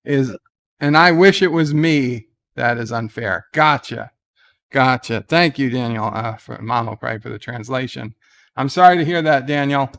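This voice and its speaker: A man with a gravelly, creaky voice hosts a loose livestream chat. He reads viewer comments aloud and wanders off on irreverent tangents full of "uh" and "um." The sound is close and dry with no room around it. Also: mid-range voice, moderate pace, a bit bright, dry recording. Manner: rambling, irreverent, many fillers. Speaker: livestream host.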